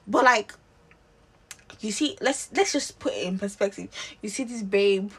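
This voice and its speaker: A woman's voice: a little high, lively intonation, normal speed, husky. A young woman vlogging, giving an impassioned opinion with rhetorical questions and frequent restarts. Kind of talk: opinionated to-camera rant.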